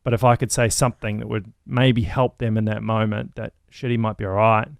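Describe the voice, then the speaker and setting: A low-voiced man tells his story in an interview. He is frank and plain-spoken, and swears now and then. The recording is close and dry. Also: little pitch movement, brisk, gravelly, no echo. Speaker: interview guest, athlete.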